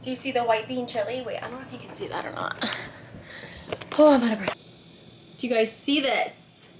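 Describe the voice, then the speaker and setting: A woman's voice: a little high, steady tone, fast talker. A young woman chatting casually to viewers in a home vlog, upbeat and confiding. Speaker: vlogger. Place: home, indoors. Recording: echoey home room with faint noise.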